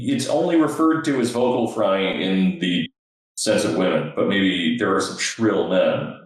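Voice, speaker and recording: Low-voiced man in an echoey room. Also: unhurried. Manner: laughs often, explains in loose bursts. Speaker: podcast co-host. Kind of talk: casual chat.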